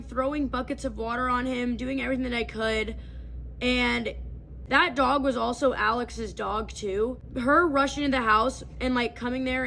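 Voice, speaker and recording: A woman in her twenties telling a storytime vlog in an animated, emphatic way. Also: high-pitched, a little hiss or hum.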